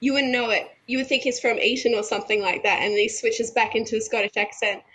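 Bright-voiced woman co-host, lively, laughs easily in casual chat. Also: fairly high pitch, fast talker, slight background noise, poor audio. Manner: animated, laughs often while talking. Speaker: podcast co-host.

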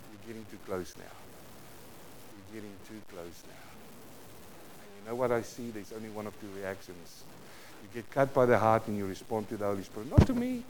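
A male pastor with a South African accent delivers a sermon. His delivery moves between near-whispered asides and loud, emphatic lines. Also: fairly low pitch, slight background noise. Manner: dynamic preaching, swinging between hushed and loud.

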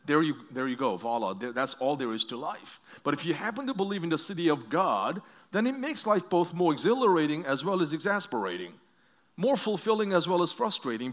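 A man's voice: a little high, very animated, brisk, fairly bright tone. A man preaching a conversational sermon to a congregation, telling stories and asking questions, with frequent restarts. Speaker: pastor.

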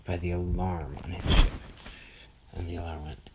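A man telling a bedtime story in a soft, often half-whispered voice. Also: sits low, flat delivery, moderate pace, heavy background noise.

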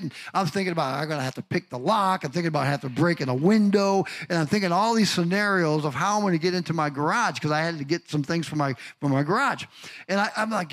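Animated older male pastor preaching. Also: a little high. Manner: animated, asks the congregation questions, acts out stories. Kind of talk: sermon.

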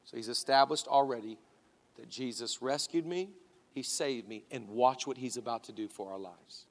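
A male pastor preaching a sermon with fervent, rising exhortations that drop to quiet, emphatic passages. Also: medium pitch, moderate pace. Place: church auditorium. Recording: reverberant large church hall.

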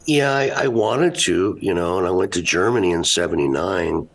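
A man's voice: very deep voice, gravelly. A man in his seventies, a rock musician, telling rambling stories in a casual interview and laughing often. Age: 70s.

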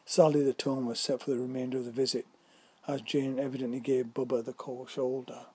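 A man narrating a whimsical story in a measured reading voice. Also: mid-range voice, flat delivery, warm tone, husky.

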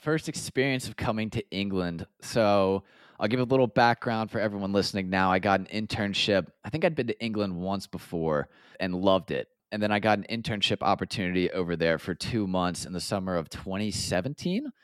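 Young American man, low-pitched, smooth tone, dry close mic; upbeat casual storyteller. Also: expressive, brisk, no room sound. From United States. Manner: upbeat, storytelling, drops quoted asides. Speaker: podcast guest. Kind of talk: casual chat.

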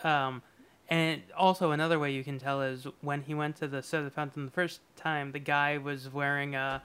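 A man's voice: a little high, level tone, moderate pace, a bit bright, smooth. A man co-hosting a podcast, chatting casually and rambling about a TV episode with lots of fillers and chuckles. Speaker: podcast co-host. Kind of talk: casual chat reviewing a TV episode.

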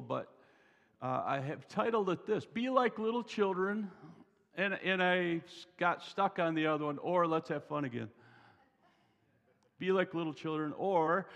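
A male pastor preaching a lively sermon, slow and drawn out, acting out the scene with loud voices. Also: on the high side, creaky. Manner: slow, drawn-out delivery with big swings in loudness. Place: church sanctuary. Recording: long reverb of a large church hall.

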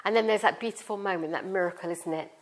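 A woman's voice: medium pitch, fast talker. A middle-aged woman with a British accent preaching a sermon in a chatty, informal way, explaining through everyday family stories. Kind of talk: conversational sermon.

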